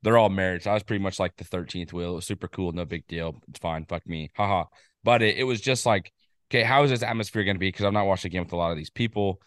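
A man with a slightly low voice talks football on a casual podcast. He rambles and gets excited, stacking up quick asides. The sound is dry and close. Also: no room sound. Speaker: podcast co-host. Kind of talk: casual sports chat.

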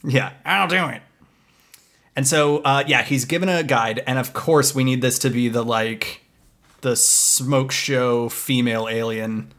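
Man, podcast co-host, loose jokey movie recap, even middle pitch. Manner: joking, retells plot in quick mock voices. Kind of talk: casual comedic movie recap chat.

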